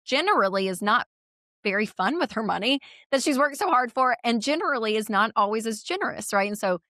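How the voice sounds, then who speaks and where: A woman's voice: on the high side, lively intonation, fairly quick, pushed and bright, no echo, studio quality. Chatty woman guest telling stories. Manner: chatty storyteller, laughs easily. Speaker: podcast guest. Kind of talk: candid conversational interview.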